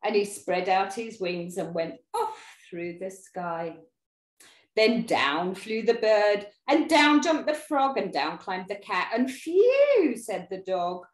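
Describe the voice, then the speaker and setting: Expressive woman reading aloud to kids. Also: medium pitch, takes it slowly, roomy sound. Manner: expressive, talks to young listeners. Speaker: children's storyteller. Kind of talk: animated read-aloud for children.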